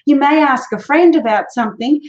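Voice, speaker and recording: A woman's voice: sits high, fairly quick. A woman raised in Australia hosting a podcast in casual chat, chatty and often restarting her words. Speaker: podcast host. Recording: dull lo-fi sound.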